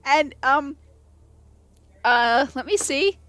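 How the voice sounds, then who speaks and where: High-voiced woman, laughing game master. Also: extremely slow, no echo. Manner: laughs often while narrating, animated with many restarts. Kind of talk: narrating a tabletop game.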